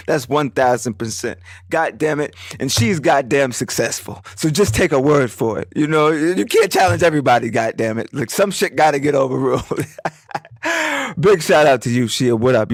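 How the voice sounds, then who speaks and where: A young man hosting a podcast alone, telling a story in a rambling, animated way, swearing often and acting out what his friends said. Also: a little high, no room sound, studio quality. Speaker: podcast host. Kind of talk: casual solo podcast storytelling.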